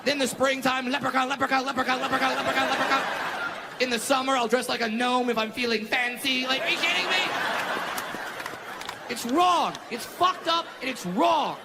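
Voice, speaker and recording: Indignant high-voiced stand-up comic. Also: male voice, fairly even intonation, moderate pace, a loud crowd. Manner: indignant rants, rising to shouts. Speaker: stand-up comedian. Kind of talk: stand-up routine. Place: comedy club stage. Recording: reverberant hall with audience noise.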